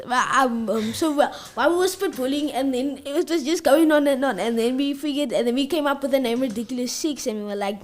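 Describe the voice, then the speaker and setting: High-voiced teenage girl hosting a podcast. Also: normal speed, hardly any pauses. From South Africa. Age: teens. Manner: rambling, restarts, laughs often. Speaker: student podcast host. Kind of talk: casual group chat.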